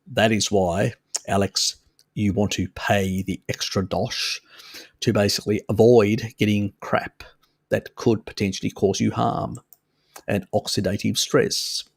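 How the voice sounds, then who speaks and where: Slow, gravelly man chatting. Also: lowish voice, little pitch movement, dry recording, studio quality. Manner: chatty, laughs often, swears, reads chat aloud. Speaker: live stream host. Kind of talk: casual live stream chat, answering viewers.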